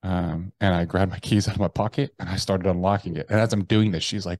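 A man's voice: sits low, steady tone, fast talker, a little mellow, dry recording. A man, an army veteran, telling a personal story in an interview, talking casually with lots of swearing and "like". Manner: casual and profane, heavy use of "like" and "bro".

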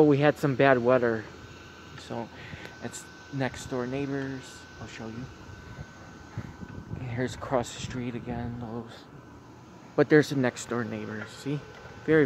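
A man giving a casual vlog tour of holiday decorations outdoors on a phone, talking gently and repeating himself often. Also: medium pitch, vocal fry, noisy background. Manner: repetitive, gentle, keeps saying very very nice. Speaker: vlogger. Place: outdoors at night by a house.

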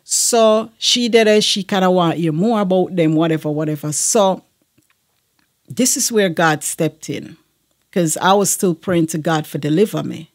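A woman's voice: fairly low pitch, moderate pace. A woman, a guest sharing a personal testimony in an earnest manner, with frequent fillers.

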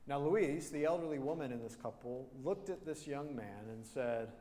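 A man's voice: medium pitch, normal speed, warm tone. A male pastor preaching an earnest sermon, telling a story and repeating key phrases for emphasis. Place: church sanctuary. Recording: long church reverb.

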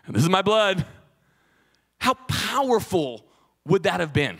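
Bright, animated preaching man. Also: high voice, slightly rough. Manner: animated, conversational preaching with quick restarts and acted-out quotes. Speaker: pastor. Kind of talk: sermon. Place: church stage.

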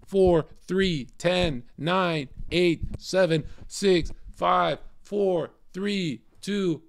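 A man ranting on a livestream, profane and combative, swinging between loud outbursts and low muttering. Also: vocal fry. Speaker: streamer. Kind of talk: casual livestream rant.

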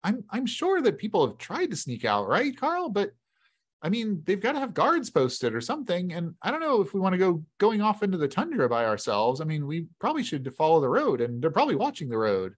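A man doing a hushed, cautious young companion. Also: sits high, wildly swooping pitch, brisk, pitched above the performer's own voice, full character voice. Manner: hushed, reasoning.

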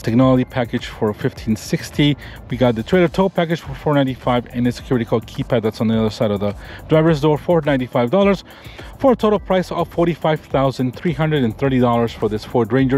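Fast-talking casual man reviewing a truck. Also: medium pitch, a little mellow. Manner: casual, enthusiastic, talks while pointing things out. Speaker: car reviewer. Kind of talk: walkaround car review. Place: around and inside a pickup truck.

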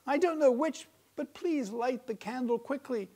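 A man's voice: extremely high pitch, normal speed, warm tone, pitched above the performer's own voice. A man voicing a distressed wife who urgently begs her husband for help in a raised, fretful voice. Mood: anxious urgent. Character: distressed young wife, fussy and anxious.

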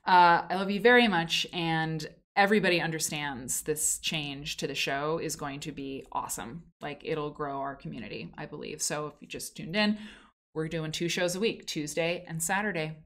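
A woman's voice: low voice, normal speed, fairly bright tone. Chatty effusive woman hosting a live show. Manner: chatty and effusive, many restarts. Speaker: host of a live quilting history show. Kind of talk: casual live-stream chat.

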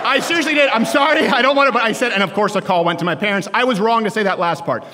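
A man in his thirties giving a joking, sarcastic campus speech to students, shouting his punchlines. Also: sits high, animated, racing, hardly any pauses. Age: 30s. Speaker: political commentator speaking to students. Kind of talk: stand-up style campus speech. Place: large lecture hall with a live audience. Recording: echoey hall, live crowd.

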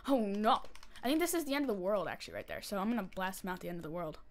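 A woman giving casual commentary while she plays a game, chatty and excitable, breaking into panicky squeals and repeated pleas when things go wrong. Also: mid-range voice, rapid-fire, a little hiss or hum. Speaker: gameplay commentator.

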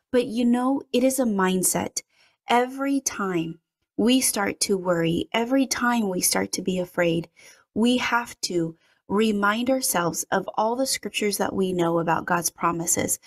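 Female devotional reader with a middle-range voice; earnest, measured, prayerful delivery of scripture and commentary. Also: mid-range voice.

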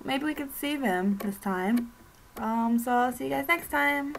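A woman's voice: a little high, a little slow, creaky, slight background noise, rough recording. A woman giving casual commentary while playing a horror game, chatting to herself as she goes. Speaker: let's play commentator. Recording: game music playing behind. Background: game music.

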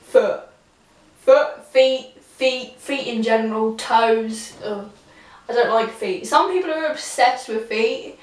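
A woman's voice: on the high side, slow. Giggly young woman in an echoey room. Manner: rambling, giggly and self-mocking. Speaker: vlogger. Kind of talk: casual chat to camera. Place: small indoor room. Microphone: camera on a tripod a few feet off. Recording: echoey room, voice from the camera's distance.

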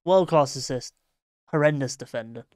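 A man's voice: medium pitch, normal speed, no echo, clean studio sound. An English man co-hosting a casual football chat, blunt and mocking in his verdicts. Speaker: football podcast co-host.

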